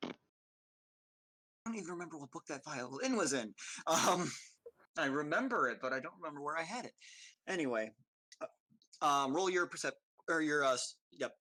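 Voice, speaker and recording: A man narrating as game master for a tabletop game, pausing often with ums and uhs. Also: fairly high pitch, expressive, sharp tone, no room sound. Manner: halting, many ums and uhs.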